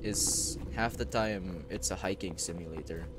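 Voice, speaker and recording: A young man streaming a game, rambling and swearing, with sudden loud outbursts between mumbled remarks. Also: sits low, measured pace, background noise. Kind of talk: live gameplay commentary.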